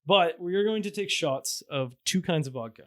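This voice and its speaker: A man's voice: high voice, moderate pace. A young man from Canada co-hosting a podcast, chatting casually with many fillers and restarts. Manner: relaxed, hesitant, frequent fillers and restarts. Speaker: podcast co-host. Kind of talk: casual chat.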